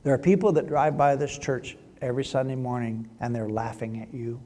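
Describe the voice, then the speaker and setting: A man's voice: medium pitch, fairly even intonation, fairly quick, warm tone. A middle-aged man, a pastor, delivering a sermon with emphatic swells and drops in volume. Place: church sanctuary. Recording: long hall reverb.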